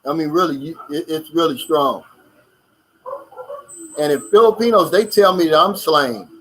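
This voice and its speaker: A man's voice: fairly high pitch, normal speed, fairly bright tone, a little hiss or hum, rough recording. An American man hosting a casual live stream, reading out viewer comments and chatting about them. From United States.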